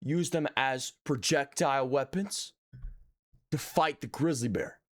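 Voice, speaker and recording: A man's voice: medium pitch, unhurried, no room sound, studio quality. A man streaming live, reacting to his old videos with joking, sarcastic, self-mocking commentary.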